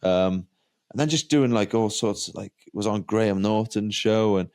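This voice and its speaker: A Welsh man with a notably low, deep voice talks through his career in an easy, reflective way. He is in his thirties and speaks plainly, filling his sentences with casual fillers as he lies on a massage table. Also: moderate pace. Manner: relaxed, matter-of-fact, full of fillers like "like" and "you know". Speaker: professional cyclist. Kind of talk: reflective interview chat.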